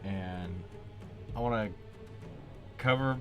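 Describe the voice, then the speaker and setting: Hesitant male player, slow-talking, lowish voice. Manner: hesitant, with pauses and many hums. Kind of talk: tabletop role-play. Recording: music clearly behind.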